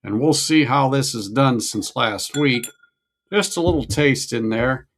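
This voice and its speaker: A man's voice: medium pitch, unhurried, slight background noise. A middle-aged man chatting casually on a whiskey-tasting livestream, musing aloud and greeting viewers. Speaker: livestream host.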